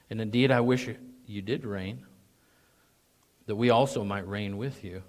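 Animated male preacher, throat clearing. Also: lowish voice, a little slow, long pauses. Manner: animated, voice rising to mock sarcasm, frequent throat clearing. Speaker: pastor. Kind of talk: sermon.

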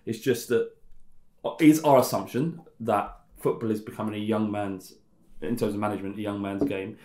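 A man co-hosting a podcast, thinking out loud in casual chat and often repeating words. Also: on the low side, fairly even intonation, moderate pace, reverberant. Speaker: podcast co-host.

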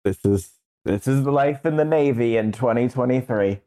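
A man co-hosting a podcast in casual chat, delivering wry, deadpan punchlines. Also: mid-range voice, moderate pace. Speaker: podcast co-host.

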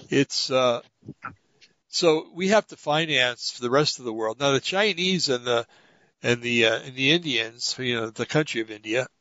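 A man's voice: medium pitch, a bit bright, no echo. Rambling man on dull lo-fi audio. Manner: rambling storyteller, many fillers and restarts. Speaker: talk show co-host. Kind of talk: casual political talk.

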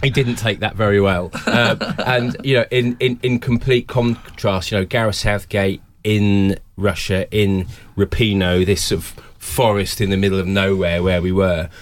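Male sports journalist, very deep voice, halting delivery, panel chat. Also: steady tone, slight background noise. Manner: halting, repeats words when starting sentences. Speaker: football journalist.

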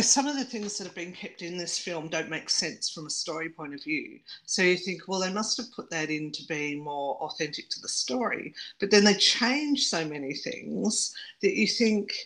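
A woman's voice: low voice, fairly bright tone. A woman co-hosting a podcast, giving frank, opinionated film criticism in casual chat. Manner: opinionated, critical, laughs easily. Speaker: podcast co-host.

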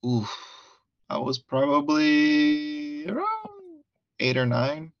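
A man's voice: fairly high pitch, fairly even intonation, slow, no echo, highs cut off. A man co-hosting a casual movie review podcast, hesitant and laughing often. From United States. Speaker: podcast co-host.

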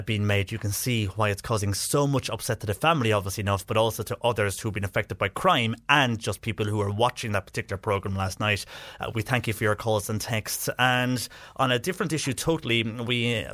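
A man's voice: mid-range voice, dry recording. Irish male radio host, dry studio sound. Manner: steady, conversational, frequent "uh" fillers. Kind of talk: radio news and talk presenting. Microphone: studio microphone.

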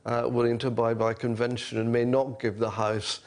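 A man's voice: medium pitch, level tone, a little fast. A man, a professor appearing as a guest in a political interview, answering in a hesitant, wry way with frequent "um" restarts.

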